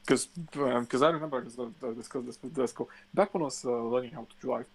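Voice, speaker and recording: A man co-hosting a casual podcast, telling an animated, swear-filled rant. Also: medium pitch, a little fast, husky. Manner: profane animated ranting storyteller. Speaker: podcast co-host.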